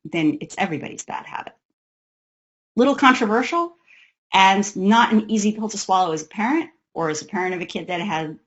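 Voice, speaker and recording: A woman's voice: on the low side, fairly bright tone, lo-fi sound. A woman, the parent of an autistic son, giving an educational talk on autism care in a conversational way, acting out the voices of parents and kids.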